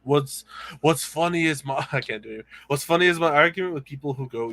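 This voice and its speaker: A man's voice: a little high, fairly quick, a bit bright. A man co-hosting a casual podcast, chatting in a laid-back, profane way. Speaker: podcast co-host. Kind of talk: casual chat.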